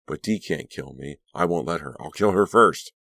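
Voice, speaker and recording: A man's voice: rumbling low, animated, normal speed, fairly bright tone, dry recording, studio quality, heavily acted. A man reading an audiobook, voicing an anxious, troubled teenage girl who sounds tense and breathless. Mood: frantic. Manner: tense, pleading, breathless at times.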